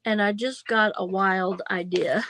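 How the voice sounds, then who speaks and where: A woman's voice: medium pitch, steady tone, unhurried, fairly bright tone, a little hiss or hum, low-quality recording. A woman in her seventies hosting a crafting livestream, chatting casually and thinking aloud while she works.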